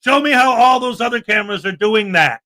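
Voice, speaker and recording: A man with a strikingly high-pitched voice rants through his livestream. His tone is bright and cutting, sarcastic and indignant as he shoots back at comments from chat. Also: brisk. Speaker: livestream host.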